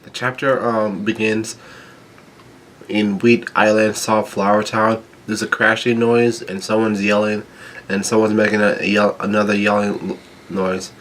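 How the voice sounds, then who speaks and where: A man reading a comic chapter aloud, stumbling, restarting words and filling pauses with ums. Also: on the low side, flat delivery, fairly bright tone, a little hiss or hum. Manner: halting, with frequent restarts and ums. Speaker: manga chapter reader.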